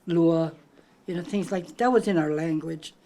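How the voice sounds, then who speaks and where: An older woman from Hawaii speaks with a Hawaiian Pidgin lilt in a somewhat low voice. She reminisces conversationally, rambling and pausing to search for words. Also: warm tone. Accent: Hawaiian Pidgin-tinged English. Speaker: granddaughter sharing memories.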